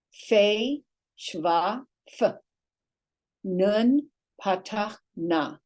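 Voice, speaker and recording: A woman teaching a Hebrew lesson, slowly and patiently drilling vowel sounds and letters at a board in a classroom. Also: medium pitch, darkish tone, low-quality recording.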